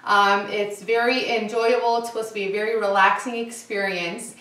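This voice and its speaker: Chatty woman, bright echoey kitchen. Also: medium pitch, moderate pace. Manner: chatty, relaxed, with frequent "uh" and "um" fillers. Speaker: cooking show host. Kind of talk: casual cooking demonstration.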